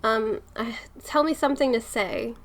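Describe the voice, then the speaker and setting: A woman's voice: a little high, moderate pace. A woman co-hosting a podcast in casual chat, giggly and self-conscious, laughing often. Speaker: podcast co-host.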